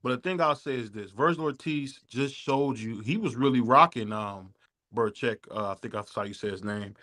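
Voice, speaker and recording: Chill guy hosting a boxing podcast, easygoing, middle-pitched voice. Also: moderate pace. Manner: laid-back, loose shout-outs. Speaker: podcast host. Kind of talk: casual podcast chat.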